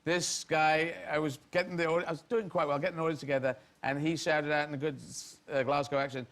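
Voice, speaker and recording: A man's voice: fairly high pitch, level tone, fast talker, background noise. A middle-aged man from England, a comedian guest on a talk show, telling rambling stories that he often breaks off and laughs through. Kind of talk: anecdotal talk show storytelling.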